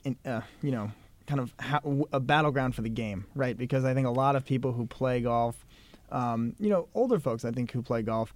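A man's voice: mid-range voice, a little fast, dry recording. A man co-hosting a podcast in casual chat, conversational with many fillers and asides. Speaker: podcast co-host.

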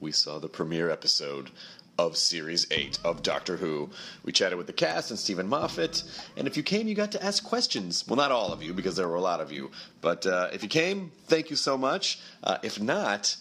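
A hoarse man hosting a podcast, giving a rambling, self-mocking solo intro in a hurry. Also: deep voice, very animated, moderate pace, pushed and bright. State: hoarse, lost voice. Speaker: podcast host.

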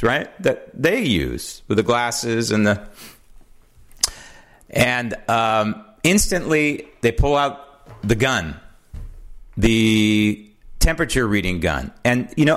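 A man's voice: medium pitch, a bit bright. An American man hosts his own talk show and delivers a heated political monologue from a home studio. He sounds indignant and emphatic, and his voice swoops widely up and down as he presses each point. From United States. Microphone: studio mic with old headphones.

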